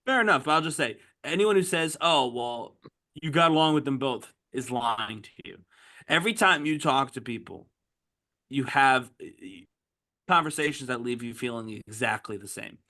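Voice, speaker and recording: Bright-voiced opinionated podcast host. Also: male voice, medium pitch, expressive, moderate pace. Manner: opinionated, chatty. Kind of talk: casual chat.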